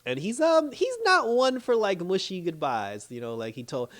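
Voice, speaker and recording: A man's voice: sits high, sing-song, moderate pace, a bit bright. A man giving a casual, slangy recap of a TV episode as a reviewer, full of "like" and "you know" and laughing often. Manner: loose, chatty retelling full of "like" and "you know". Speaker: TV show reviewer.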